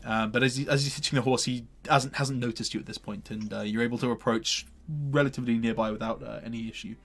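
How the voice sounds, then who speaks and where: A man runs a tabletop game in a loose, rambling way, padding his narration with fillers and restarts. His voice sits at an ordinary middle pitch and stays easygoing throughout. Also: steady tone, quick pace, fairly bright tone. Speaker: game master.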